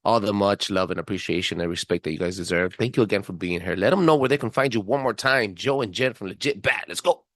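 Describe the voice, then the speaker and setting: A man in his thirties hosting a casual podcast, loud, excitable and swearing freely. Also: fairly low pitch, fast talker, few pauses, dry recording, clean studio sound. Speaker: podcast host.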